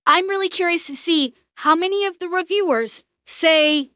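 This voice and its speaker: A young woman streamer giving blunt, profane live reaction commentary, ranting quickly. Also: very high-pitched, bright, forceful tone, no echo.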